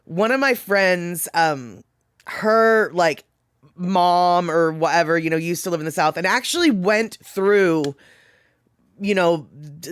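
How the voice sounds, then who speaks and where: Livestream host, fifties, casual rambling chat, laughs a lot, mid pitch, dry close sound. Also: clean tone, no room sound. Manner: rambling and chatty, laughs often.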